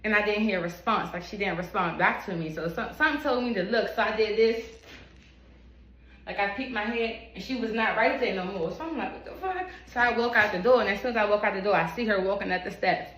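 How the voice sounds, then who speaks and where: A young woman hairstylist telling a story to her phone camera, animated, emphatic and full of swearing. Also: medium pitch, fast. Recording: echoey room with steady background noise.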